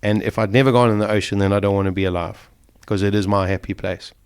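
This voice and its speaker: A man's voice: fairly low pitch, fairly even intonation, fast, smooth. A middle-aged man, a guest in an interview, vividly and emotionally retelling a survival ordeal. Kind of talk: storytelling in an interview.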